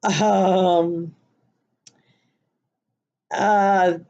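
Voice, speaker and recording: A woman's voice: on the low side, fairly even intonation, extremely slow, long pauses, darkish tone, muffled recording. A woman with a Southern US accent chatting casually through an accent tag vlog, rambling with many fillers. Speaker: vlogger.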